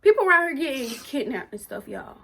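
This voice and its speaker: A teenage girl, telling a personal story in an emotional, animated way for her vlog. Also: high-pitched, brisk, slight background noise. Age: teens. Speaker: vlogger.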